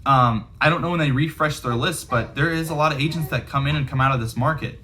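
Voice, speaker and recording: A man's voice: a little high, fast, bright, forceful tone, slight background noise. A man and real estate investor coaching viewers in a casual, chatty way, with lots of fillers. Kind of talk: casual instructional talk to camera.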